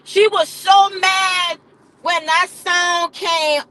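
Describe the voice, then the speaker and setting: A woman's voice: very high voice, measured pace, a bit bright, poor audio. A woman live streamer, a nurse, telling a comic story to her chat in a dramatic, repetitive way, calling listeners baby and honey.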